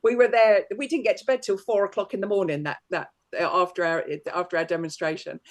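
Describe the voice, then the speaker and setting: A man's voice: high voice, steady tone, fast talker. A man, a psychic medium, telling rambling stories in casual chat and laughing often.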